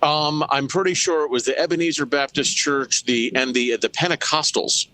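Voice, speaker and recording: A man co-hosting a casual podcast, a former radio station owner who tells drawn-out, wry stories. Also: a little high, pushed and bright. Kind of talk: casual storytelling chat.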